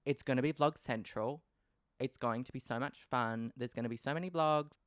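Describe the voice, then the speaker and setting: An Australian man hosting a casual solo podcast, talking in an animated, playfully dramatic way and swearing freely. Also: medium pitch, fairly quick, no room sound, clean studio sound. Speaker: podcast host.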